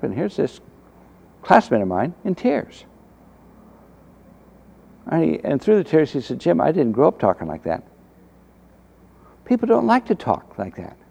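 Older man with a mellow voice. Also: a little high, sing-song, vocal fry. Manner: halting, with frequent fillers and restarts. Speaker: retired navy officer telling faith stories. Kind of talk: casual storytelling testimony.

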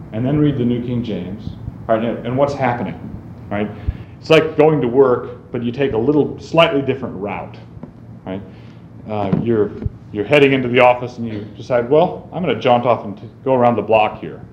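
A man teaching a group on how to read the Bible, speaking conversationally and often checking in with "right?". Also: medium pitch. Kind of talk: teaching talk on Bible reading. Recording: roomy, slightly dull recording with faint noise.

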